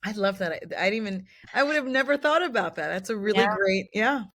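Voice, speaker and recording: A woman's voice: mid-range voice, animated, brisk, a bit bright, dry recording. A woman co-hosting a podcast in casual chat, talking with enthusiasm and emphatic agreement. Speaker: podcast co-host.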